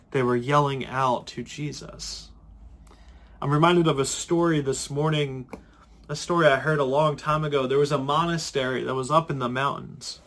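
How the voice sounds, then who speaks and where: A man's voice: fairly high pitch, fairly bright tone. A male pastor preaching a sermon in a conversational way, often repeating and restarting words.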